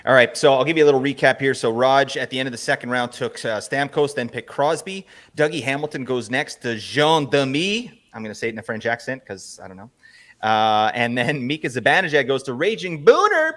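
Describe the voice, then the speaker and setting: A man hosting a casual podcast chat, teasing his co-hosts and giving quick recaps. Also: medium pitch, animated, a bit bright. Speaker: podcast host. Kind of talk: casual fantasy hockey chat.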